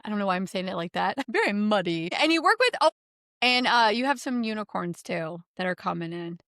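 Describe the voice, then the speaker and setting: Woman, energy healer giving a reading; smooth resonant tone, dry close sound, rambling chatty delivery. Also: medium pitch, fairly bright tone, dry recording. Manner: rambling, filler-heavy, laughing easily. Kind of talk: casual spiritual reading.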